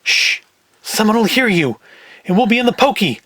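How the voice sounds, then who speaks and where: A man's voice: high voice, big pitch swings, normal speed, fairly bright tone, dry recording, pitched above the performer's own voice, full character voice. A man voicing a small, nervous male gambling fixer from New York in a cold-read of a script; he pleads in a jittery, wordy way. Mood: pleading.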